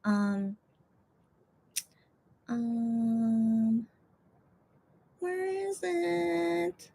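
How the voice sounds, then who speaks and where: A woman's voice: on the high side, drawn-out words, gravelly, warm tone. A woman hosting her own channel, chatting casually to viewers in a rambling way, full of fillers and restarts. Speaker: fan vlogger, channel host.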